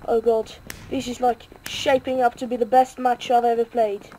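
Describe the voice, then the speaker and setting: Excitable woman commenting on gameplay. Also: on the high side, moderate pace, a little hiss or hum, rough recording. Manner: excitable, self-mocking, swears and cheers in bursts. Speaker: gaming video creator.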